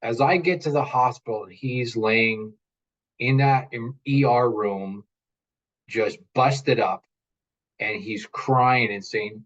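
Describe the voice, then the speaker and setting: A man in his forties, a parent and interview guest, telling stories in an earnest, animated way and often repeating his words. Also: mid-range voice, slow, lo-fi sound. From United States. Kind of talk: casual interview chat.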